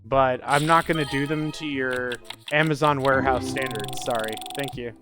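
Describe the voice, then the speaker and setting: Male gameplay host, casual sarcastic ranter who swears freely, average pitch, music bed underneath. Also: fairly even intonation, moderate pace. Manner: profane, sarcastic, ranting. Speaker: let's play host. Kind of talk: casual gameplay commentary with ranting stories.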